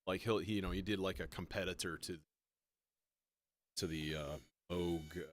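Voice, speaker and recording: A man's voice: low-pitched, steady tone, normal speed. A man hosting a livestream, chatting casually and rambling as he works, often swearing and poking fun at himself. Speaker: livestream host building a modular synth. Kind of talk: casual livestream chat while working.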